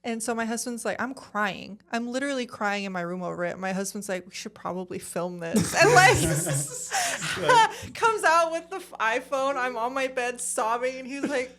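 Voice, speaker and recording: A woman's voice: fairly high pitch, a little fast, hardly any pauses, a little hiss or hum. A young woman from Arizona, a podcast guest, telling a story casually and acting out what people said. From Arizona, USA. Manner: animated, acts out quoted dialogue, frequent "like".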